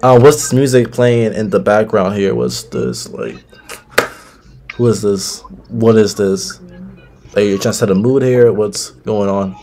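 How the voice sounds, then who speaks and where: A man's voice: fairly low pitch, expressive, unhurried, warm tone, slight background noise. A man in his twenties casually chatting and teasing strangers on a video chat. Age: 20s. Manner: teasing, joking, mock offended.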